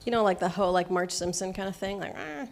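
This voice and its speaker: A woman's voice: on the low side, level tone, quick pace, slight background noise. A woman doing a stand-up set on a live stage, hesitant and awkward with many ums. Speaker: stand-up comic. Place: live comedy venue stage.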